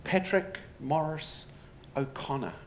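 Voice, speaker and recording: A man's voice: on the high side, slow pace. Wry New man lecturing. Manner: storytelling with wry humour and rhetorical questions. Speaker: associate professor giving a public talk. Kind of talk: public lecture. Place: pub before a live audience. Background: audience laughter, faint room noise.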